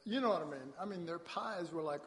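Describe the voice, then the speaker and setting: A man's voice: on the high side, animated, a little fast, heavy background noise. Man preaching in an echoing church hall. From Dallas, Texas. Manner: folksy storytelling, colloquial, with laughs and asides. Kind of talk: sermon. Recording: long hall reverb.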